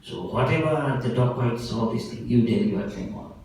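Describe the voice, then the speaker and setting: A monk giving a sermon, telling a story in a lively, animated way and often breaking into laughter. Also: male voice, medium pitch, normal speed, a little hiss or hum. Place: festival hall. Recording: very echoey hall, voice from far off.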